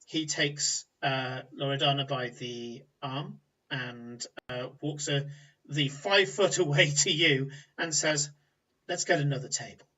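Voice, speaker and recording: A man narrating a tabletop game as game master, rambling with many pauses and fillers. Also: mid-range voice, bright, forceful tone, distant mic, dull audio. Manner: rambling, hesitant, filler-heavy.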